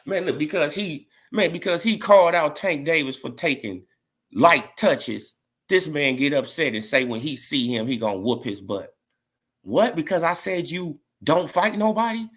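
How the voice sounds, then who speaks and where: Here a boxing commentator vlogger offers a casual rant in a fairly high, fairly bright voice with lively intonation and a moderate pace. His take is mocking and repetitive, peppered with "right?" and "you feel what I'm saying."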